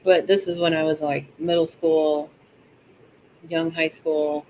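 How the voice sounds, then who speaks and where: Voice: mid-range voice, little pitch movement, slow, darkish tone, rough recording. Chatty podcast co-host, faint hiss. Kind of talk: casual chat.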